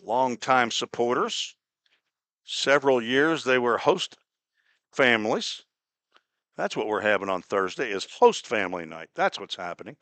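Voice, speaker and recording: A man from Cincinnati calling a baseball game play by play, chatty and folksy, drifting into small talk between pitches. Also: expressive, a little slow, a bit bright, dry recording. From Cincinnati, Ohio. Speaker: play-by-play announcer. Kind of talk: live baseball radio commentary.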